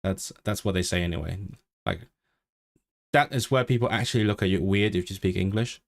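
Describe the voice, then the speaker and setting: A man's voice: sits low, a little fast, vocal fry. A man chatting casually on a home study livestream, thinking aloud and often restarting his sentences. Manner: chatty and self-interrupting, with frequent restarts. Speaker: language-learning streamer.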